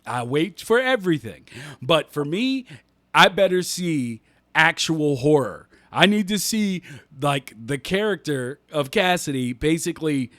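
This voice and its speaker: A man's voice: fairly high pitch, a bit bright, dry recording. Emphatic, laughing podcast co-host man. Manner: emphatic, repeats himself, laughs often. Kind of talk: casual chat.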